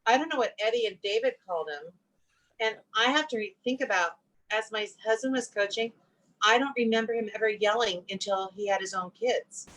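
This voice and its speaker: Animated middle-aged woman guest, high voice. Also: fairly quick, low-quality recording. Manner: animated storyteller, acts out quotes. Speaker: podcast guest. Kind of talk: casual interview chat.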